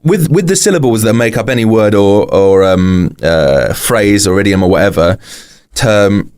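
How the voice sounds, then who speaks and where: A man's voice: lowish voice, animated, moderate pace, darkish tone, clear, resonant tone. A British man chatting casually on a podcast as a guest, explaining things in rambling sentences full of fillers. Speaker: podcast guest, rapper and author.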